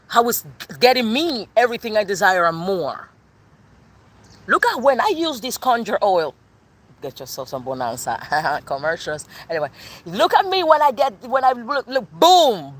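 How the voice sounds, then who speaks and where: A woman's voice: medium pitch, husky. A woman with a Cuban accent giving a channeled tarot reading in an emphatic, sassy way that repeats her points. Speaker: tarot reader.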